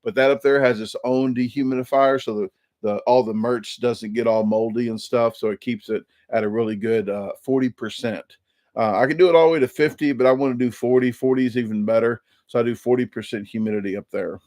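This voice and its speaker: A man's voice: mid-range voice, fairly even intonation, a little fast, darkish tone, no echo, clean studio sound. A man, hosting a casual live-stream chat and rambling with many restarts and repeated words. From Illinois. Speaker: YouTube channel host.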